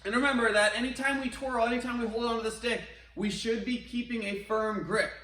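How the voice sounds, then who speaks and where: Male martial arts instructor, high voice, upbeat and encouraging, echoey room and set back from the mic. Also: fairly even intonation, brisk, sharp tone. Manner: upbeat, encouraging, chatty with asides. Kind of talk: online workout class instruction. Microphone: wears a face mask while talking. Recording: roomy echo, distant from mic.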